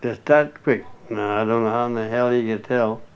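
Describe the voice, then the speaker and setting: A man's voice: medium pitch, fairly even intonation, moderate pace, clean tone. An older man being interviewed, telling rambling stories in a folksy, salty way with chuckles. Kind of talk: rambling oral-history storytelling. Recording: muffled lo-fi recording.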